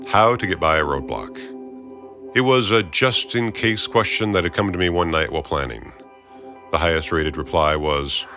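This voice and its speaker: Deep-voiced man telling a heist story. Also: pushed and bright. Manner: wry, self-mocking inner asides. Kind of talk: first-person story narration.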